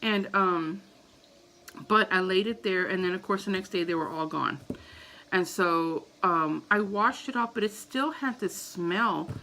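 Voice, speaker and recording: A woman's voice: medium pitch, unhurried, pushed and bright, slight background noise, poor audio. A woman in her thirties telling a story casually to camera as a vlogger, acting out her own panicked reactions.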